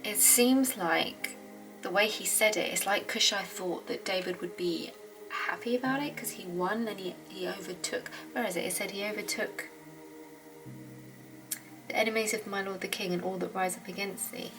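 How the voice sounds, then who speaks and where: A woman hosts a Bible study, reading old scripture aloud, then thinking aloud in earnest, heartfelt comments. Her medium-pitched voice moves at a moderate pace. The rough recording has clear background music under it.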